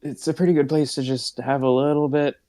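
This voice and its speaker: A man co-hosting a casual chat, upbeat and quick to laugh. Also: a little high, fairly even intonation, mellow.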